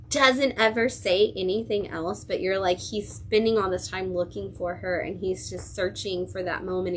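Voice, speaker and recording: A young woman hosts a casual livestream from a comic shop, reviewing new releases. She talks in a chatty, gushing way, full of ums and likes. A faint background hum sits under her voice. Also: medium pitch. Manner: enthusiastic, gushing, chatty with many fillers.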